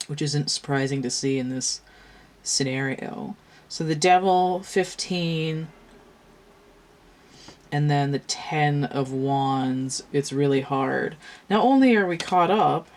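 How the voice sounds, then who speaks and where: A woman giving a casual tarot reading in a rambling, slangy way, with a lot of "like" and free swearing. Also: deep voice. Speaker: tarot reader.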